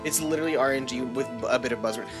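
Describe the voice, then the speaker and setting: A woman's voice: very deep voice, very fast, music in the background. Rambling, swearing woman streamer. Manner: rambling, swears casually, talks to chat. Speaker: VTuber streamer. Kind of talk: casual game-stream chat.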